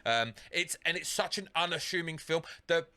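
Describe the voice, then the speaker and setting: Bright-voiced sweary man. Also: on the high side, lively intonation, normal speed, clear, resonant tone. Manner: sweary, rambling film retelling with filler words. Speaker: podcast co-host. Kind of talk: casual chat.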